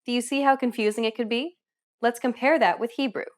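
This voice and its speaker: A woman presenting a scripted language lesson, with upbeat and clear instructional delivery. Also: a little high, fairly even intonation, a little fast. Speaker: language teacher.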